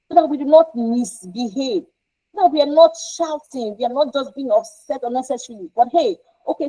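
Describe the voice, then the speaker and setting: A woman's voice: sits high, mellow, low-quality recording. A woman counsellor teaching a parenting lesson, explaining with rhetorical questions and short acted examples.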